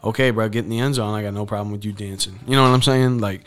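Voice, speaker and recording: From a campus podcast booth, a young man hosts a solo sports show, chatting casually with slangy asides and frustrated rants. His fairly low voice is steady and clean, and he talks fast.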